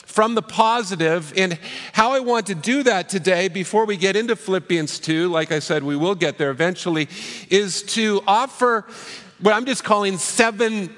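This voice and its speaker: A man's voice: high voice, normal speed, fairly bright tone, big-room sound. A man preaching a sermon as pastor, conversational, with rhetorical questions.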